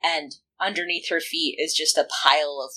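A woman's voice: sits low, steady tone, moderate pace, sharp tone, breathy edge, low-quality recording. A woman co-hosting a podcast, chatting casually with lots of "like" fillers and frequent laughter. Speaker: podcast co-host. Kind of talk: casual podcast chat recapping an anime.

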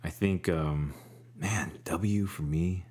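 A man's voice: deep voice, takes it slowly, darkish tone, breathy edge. A man co-hosting a podcast in casual chat, laid-back and rambling with many fillers.

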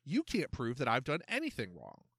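A sly male suspect , put on by a man reading aloud, who protests his innocence in a lively, rising voice. His tone is bright. The recording is dry and close. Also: medium pitch, moderate pace, breathy edge, dry recording, heavily acted. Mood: mock innocent. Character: smooth-talking male suspect, feigning innocence.

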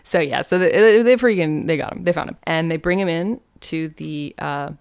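A woman's voice: sits low, moderate pace, creaky, clean tone, dry recording, studio quality. A woman co-hosting a casual chat, rambling through a recap with lots of fillers. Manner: rambling recap, many fillers, acts out quotes. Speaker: podcast co-host.

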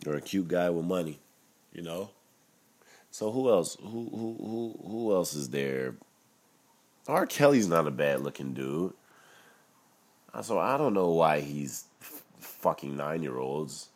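A young man with a deep voice rambles through a solo monologue at an unhurried, drawling pace. He is loose and profane and drops into low mutters between louder bursts. Casual and unscripted throughout. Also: lively intonation. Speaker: solo commentator.

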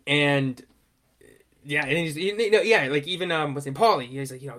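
A man co-hosting a podcast, chatting casually about films and acting out lines in loud voices. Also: fairly high pitch, brisk. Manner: animated, quotes movie lines in loud put-on voices, swears often. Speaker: podcast co-host. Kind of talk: casual film chat.

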